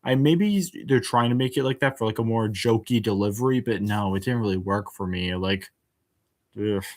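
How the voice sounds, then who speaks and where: A man's voice: on the low side, a little fast, darkish tone. A man hosting a casual spoken review, hesitant, with many filler words and restarts, and frank and exasperated in tone. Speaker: show reviewer.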